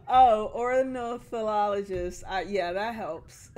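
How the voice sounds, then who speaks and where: A woman's voice: fairly high pitch, measured pace, hardly any pauses, a little mellow, slight background noise. A woman streamer chatting casually while playing a game, rambling through restarts and laughing often. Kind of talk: casual live-stream commentary while gaming.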